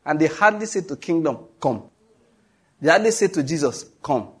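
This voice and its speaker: A Nigerian man preaching a sermon with a Nigerian accent, emphatic, reading scripture slowly and joking with the congregation. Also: on the high side, animated, husky.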